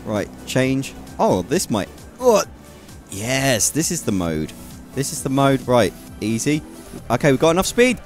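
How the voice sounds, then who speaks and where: A young man commentating his driving game, muttering to himself and then yelling and shrieking loudly at near misses. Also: medium pitch, very animated, unhurried, faint music behind. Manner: swings from quiet muttering to shrieking yells. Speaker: gaming YouTuber. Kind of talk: excitable gameplay commentary.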